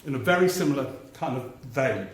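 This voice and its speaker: A man's voice: mid-range voice, expressive, fairly quick. A man, a political journalist, telling anecdotes in a live stage talk before an audience and mimicking politicians' voices for laughs. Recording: very echoey live theatre recording, faint noise.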